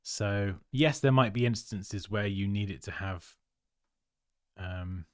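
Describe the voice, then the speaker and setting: A man's voice: on the low side, slow, no echo, clean studio sound. A man hosts a livestream, giving chatty, upbeat feedback on viewers' design work and laughing often. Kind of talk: casual livestream commentary.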